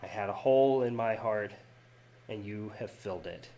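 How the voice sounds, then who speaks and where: Casting note: man voicing an aging lawman's letter, low, soft, heartfelt. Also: moderate pace, lo-fi sound, close to an everyday voice. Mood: tender. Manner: soft, tender, reflective. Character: weary older male lawman writing a farewell letter.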